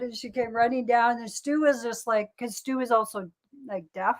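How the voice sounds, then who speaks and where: An older woman, a guest telling a family story in a lively, animated way. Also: a little high, moderate pace. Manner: lively, animated storyteller who acts out voices. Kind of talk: casual storytelling.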